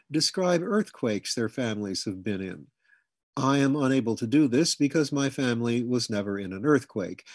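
A man narrates a comic memoir with a slightly husky, breathy tone and a middle-pitched voice. The sound is close and dry, with no room around it. He reads steadily and shifts into loud, high shouts whenever he quotes someone. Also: dry recording. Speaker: audiobook reader. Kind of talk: scripted narration of humorous memoir.

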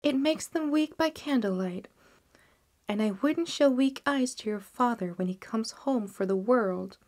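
A woman voicing a gentle, careworn mother in a storybook reading, soft and hushed. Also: fairly high pitch, unhurried, lightly acted.

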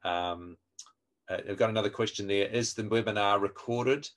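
A man with a fairly low voice leads a webinar training session. He explains things step by step, stops to quiz his listeners and answers their questions as they come in. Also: normal speed. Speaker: evangelism trainer. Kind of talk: online webinar teaching.

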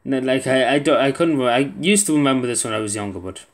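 A man's voice: medium pitch, fast. A young man giving casual gameplay commentary, muttering to himself and swearing under his breath as he plays. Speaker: gaming video creator.

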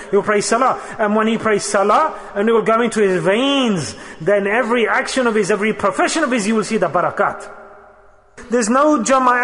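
An older man delivers a sermon in a high-pitched voice, circling back to his words and asking his listeners questions. His voice carries a long reverb, as if in a large hall. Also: a bit bright. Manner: preaching with repetition and rhetorical questions. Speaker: sheikh.

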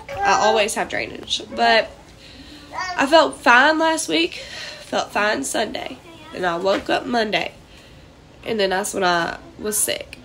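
A woman's voice: a little high, sharp tone, slight background noise. A young woman, sick and congested, rambling in a scattered way with many fillers in a casual vlog from her trailer. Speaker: vlogger. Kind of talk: casual talk to camera. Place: small trailer indoors.

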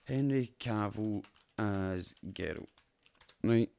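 Slow and gravelly, this Scottish man's voice is on the low side and mellow, with a little hiss or hum in the audio. Hosting a podcast, he chats about games and shows with friends in a sweary, laughter-filled, banter-heavy way.

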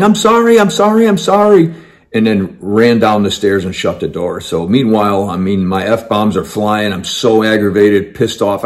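A man telling a personal story in an emphatic, conversational way. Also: fairly low pitch.

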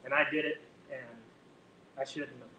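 A man's voice: little pitch movement, normal speed, far from the mic, crowd noise. Wry man cooking away from the mic. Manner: jokey, wry asides. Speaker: co-host cook. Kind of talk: casual live cooking chat. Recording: echoey room, speaking off-mic with faint rumble.

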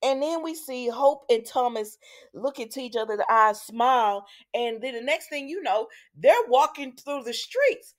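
A woman hosting a casual soap opera recap, chatting to her viewers in an animated, storytelling way. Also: fairly high pitch, moderate pace. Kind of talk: casual commentary.

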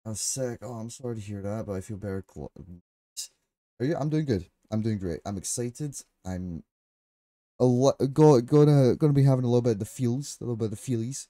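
A man's voice: mid-range voice, fairly quick, dry recording, clean studio sound. A man streaming a game live, chatting casually with his viewers, laughing often and swearing freely. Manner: excitable and chatty.

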